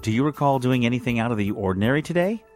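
A man voicing a calm, polite woman ship's doctor speaking in a clinical way. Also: medium pitch, very fast, faint music behind, voice pushed up, natural voice.

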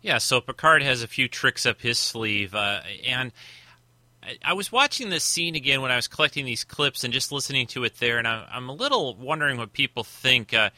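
A man's voice: medium pitch, animated, a little fast, sharp tone, no room sound. A man hosting a casual film commentary, thinking aloud and rambling with many restarts. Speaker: host.

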